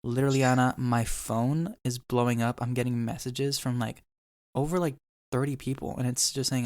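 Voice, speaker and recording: Young man telling a sad story, smooth dry voice. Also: medium pitch, steady tone, normal speed, no echo. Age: young adult. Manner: emotional storytelling, swears, quotes people. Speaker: podcast host. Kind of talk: casual chat.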